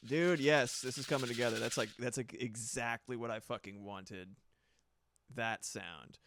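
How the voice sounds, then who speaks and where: A man's voice: mid-range voice, moderate pace, noisy background. A man chatting casually on a livestream while he builds sounds, rambling, laughing often and swearing. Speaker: streamer and music producer.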